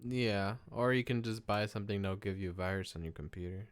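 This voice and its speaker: A man's voice: fairly low pitch, a little fast, heavy background noise. A man chatting casually as a podcast guest, laid-back and mocking, laughing often. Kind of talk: casual chat reacting to videos.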